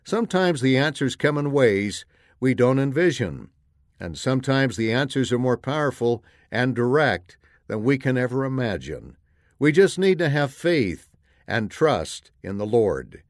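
A man from Canada reading a personal story aloud in an earnest, measured narration. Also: medium pitch, very animated, no echo, clean studio sound. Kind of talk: scripted narration.

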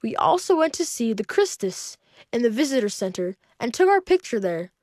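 A woman reading a magazine article aloud, sounding bright and cheerful. Her voice is fairly high and close, with a dry sound. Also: sing-song, moderate pace, dry recording.

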